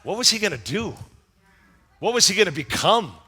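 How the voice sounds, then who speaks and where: A man's voice: high voice, normal speed, husky. A middle-aged man preaching a sermon, telling stories animatedly and acting out scenes. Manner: animated, acts out scenes and voices. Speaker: pastor. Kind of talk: sermon with storytelling.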